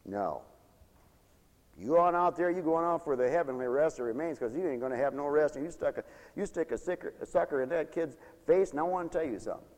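A man preaches in a folksy, animated way, mimicking the people in his stories. His voice sits high and leaps up and down. The hall behind him rings with long reverb. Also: a little fast. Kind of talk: folksy sermon.

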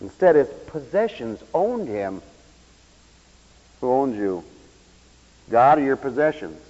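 A man preaching a sermon, swinging between loud exclamations and low asides and acting out the voices of the people he quotes. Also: sing-song, slow. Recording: dull, lo-fi radio broadcast with hall reverb.

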